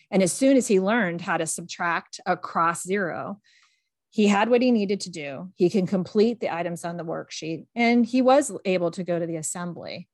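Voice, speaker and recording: A woman who once worked as a behavior specialist tells a classroom story in an earnest, measured way on a close mic. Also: fairly low pitch, dry recording. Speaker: speaker, former behavior specialist. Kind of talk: storytelling talk.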